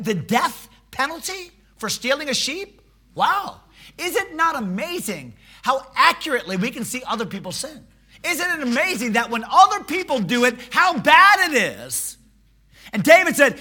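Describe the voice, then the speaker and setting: A man preaching a sermon, animated and humorous, shifting from quiet conversational asides to loud exhortation. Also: very high-pitched, normal speed, husky. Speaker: pastor.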